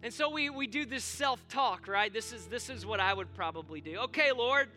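A man's voice: high voice, normal speed, sharp tone, soft background music. A man preaching a sermon in a conversational tone that builds to emphatic points. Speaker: pastor.

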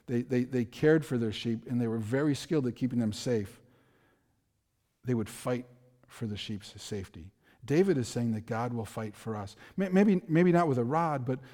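A man's voice: medium pitch, dark tone, big-room sound. A man preaching a sermon as a pastor, earnest and conversational, often repeating words as he starts a phrase.

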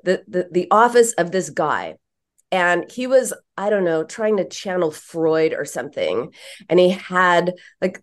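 A woman psychotherapist telling a story in a podcast interview, animated, emphatic and frank. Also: on the low side.

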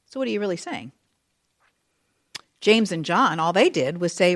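A woman teaching a Bible study in a chatty, conversational way, full of asides and lively retelling. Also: fairly low pitch, measured pace. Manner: expressive, animated retelling.

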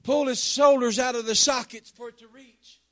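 A man preaching with fervor, his voice pitched high above most men. He calls out to the congregation between points and tells his stories in a homey, folksy way. The sound is close and dry, with no room around it. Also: fairly even intonation, moderate pace, no echo. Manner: fervent, Southern-tinged folksy preaching with call-outs to the congregation. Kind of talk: sermon.

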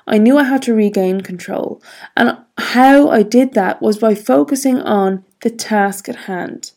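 A woman vlogger speaks frankly and reflectively, with a fairly high voice and a gravelly edge. She tells her own story candidly and swears freely. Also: unhurried, warm tone.

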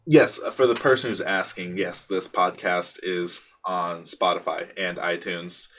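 A man's voice: low-pitched, fairly even intonation, a little slow, fairly bright tone. A young man hosting a casual solo podcast, rambling with lots of fillers, restarts and swearing, laughing at himself. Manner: rambling, profane, self-deprecating, many fillers and restarts. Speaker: podcast host. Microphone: studio microphone in a small booth.

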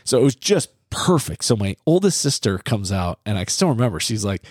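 A middle-aged man from the Midwest spins a self-deprecating story with lively, animated energy. His voice sits on the low side, and the recording is close and dry, with no room echo. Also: brisk, slightly rough. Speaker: parenting podcast co-host. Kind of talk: casual storytelling.

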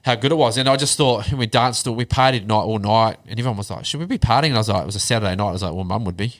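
A man telling his life story in a casual chat, blunt and animated, swearing heavily. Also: fairly low pitch, racing, dry recording. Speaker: podcast guest.

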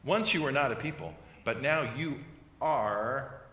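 A man's voice: medium pitch, unhurried, fairly bright tone. A pastor from the United States preaching a sermon and reading scripture aloud, with playful mock voices for his examples. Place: church sanctuary. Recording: echoey hall, long reverb.

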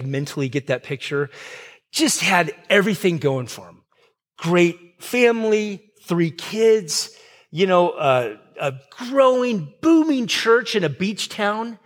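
Male pastor, conversational sermon style, slightly high-pitched, stumbles and restarts, dramatizes quotes. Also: fairly bright tone. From Southern California. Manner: conversational, many fillers and restarts; acts out quoted lines with pitch swings.

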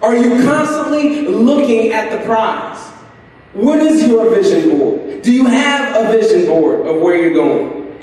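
A man's voice: high voice, animated, measured pace, darkish tone, distant mic. A man preaching a sermon as pastor, building intensity through repeated phrases and asking the congregation questions. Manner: preaching with rising intensity and repetition. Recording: echoey hall, voice picked up from afar.

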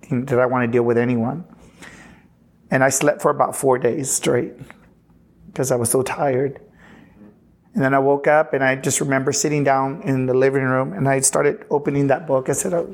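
A pastor from Texas telling his personal testimony in an earnest, halting way, often restarting sentences and retelling conversations. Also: medium pitch. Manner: earnest, halting, with frequent restarts and retold dialogue.

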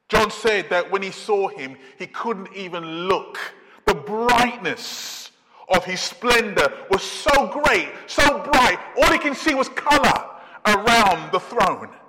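A man preaches with a high, bright voice, driving each point home through repetition and long pauses. He speaks slowly and deliberately. His voice carries the long reverb of a large church sanctuary. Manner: emphatic preaching with slow, drawn-out pauses and repetition. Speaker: pastor. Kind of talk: sermon.

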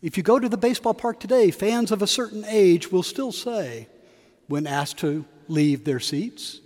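Preacher in a reverberant cathedral. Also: male voice, high voice, expressive, moderate pace, darkish tone. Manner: storytelling, varied emphasis, acts out quotes. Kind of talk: sermon. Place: large cathedral.

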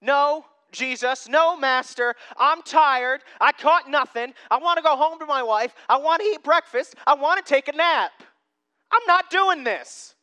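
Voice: medium pitch, animated, moderate pace, sharp tone. A preacher acting out a tired, grumbling fisherman who complains he has worked all night and wants to go home. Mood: exasperated. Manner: exasperated, whiny complaining.

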